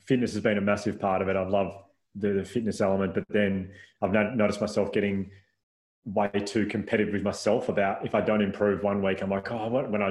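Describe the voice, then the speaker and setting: Laughing man telling stories. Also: lowish voice. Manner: animated storyteller, laughs often, many restarts and "like" fillers. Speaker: podcast guest. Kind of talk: casual storytelling chat.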